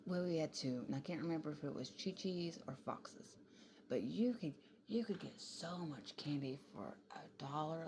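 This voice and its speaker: A woman's voice: deep voice, vocal fry, a little hiss or hum. A tired young woman, rambling casually into her phone late at night at home, swearing freely and slipping into whispers. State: tired and yawning. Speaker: vlogger.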